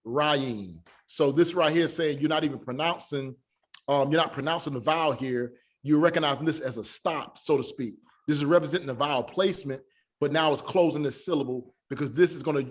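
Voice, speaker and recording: A man teaching an online Hebrew class. He talks haltingly, with many fillers, and spells sounds out slowly. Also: on the high side.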